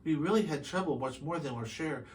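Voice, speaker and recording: Man reading as a teeny grateful mayor, soft and quiet, storybook voice. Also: fairly high pitch, a little fast, a little hiss or hum, natural voice. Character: tiny grateful male town mayor.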